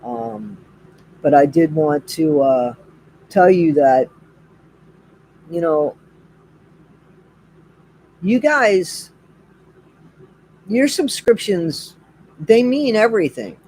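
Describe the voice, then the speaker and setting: A man's voice: fairly high pitch, expressive, extremely slow, pauses often, a little mellow, a little hiss or hum. A middle-aged man chatting casually with viewers on a live stream, greeting them by name and repeating his phrases.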